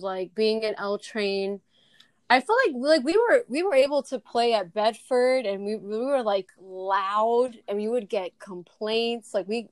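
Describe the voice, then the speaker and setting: A woman's voice: on the high side, clean tone, no room sound. A young woman tells a story in a casual chat, packing her talk with "like" and restarts. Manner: fast, filler-heavy storytelling with many "like"s.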